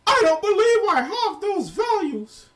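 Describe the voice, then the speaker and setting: A man doing a whiny squeaky pundit caricature. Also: very animated, unhurried, fairly bright tone, heavily acted.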